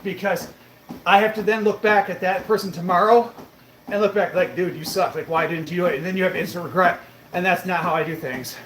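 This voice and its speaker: A man chatting casually on a live stream, answering viewers' questions in a laid-back way, cursing freely and calling them bro and brother. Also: high-pitched. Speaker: fitness streamer answering chat. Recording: echoey room with faint background noise.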